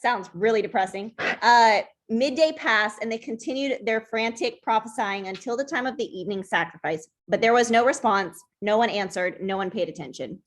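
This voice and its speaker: A woman's voice: a little high, normal speed, hardly any pauses. A young woman leading a Bible study group, reading a scripture passage aloud in a plain voice and stumbling over unfamiliar names.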